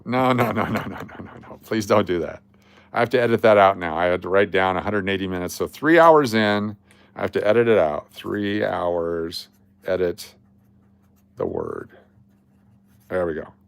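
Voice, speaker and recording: A man's voice: deep voice, fairly even intonation, moderate pace, vocal fry, clear, resonant tone, dry recording. Blunt, joking man hosting a livestream. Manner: blunt, joking, rambling while reading the chat. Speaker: livestream host. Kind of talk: casual livestream chat.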